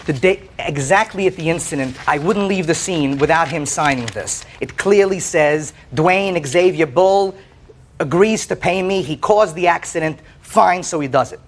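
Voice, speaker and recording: A man testifying as plaintiff on a courtroom show, telling his story in an animated way, often stammering and repeating words. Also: on the high side, moderate pace, hardly any pauses, a little hiss or hum. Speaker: plaintiff in a TV small-claims case. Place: TV courtroom set.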